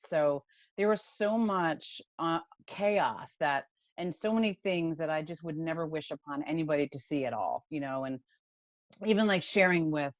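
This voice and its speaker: Interview guest: woman, low voice, dull dry recording, emotional storyteller. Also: no room sound. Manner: emotional, animated retelling with laughs. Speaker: podcast guest, company founder.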